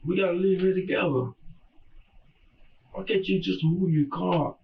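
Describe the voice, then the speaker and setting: An older man giving a slow, repetitive and emotional statement in a police interrogation, heard through muffled recording. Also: high voice. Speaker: murder suspect in interrogation. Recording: muffled, distant interrogation room audio.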